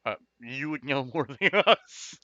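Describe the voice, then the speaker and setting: A man at a tabletop game speaks quietly and hesitantly, with a bright tone. The sound is dull and lo-fi and dry. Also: mid-range voice, lively intonation, a little slow, dry recording. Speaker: player.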